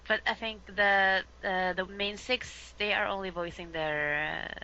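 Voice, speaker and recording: A woman from Sweden with a Swedish accent, English not her first language, chatting casually as an interview guest, lively and laughing often, with many fillers. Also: medium pitch, measured pace, lo-fi sound. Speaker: voice actress guest.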